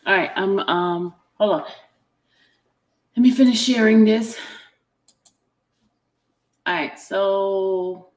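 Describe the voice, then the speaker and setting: A woman's voice: medium pitch, takes it slowly, long pauses. A woman hosting a casual chat, reading out a text exchange and often breaking off with "hold on". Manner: chatty, animated, keeps breaking off with "hold on". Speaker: commentary channel host. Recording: roomy echo.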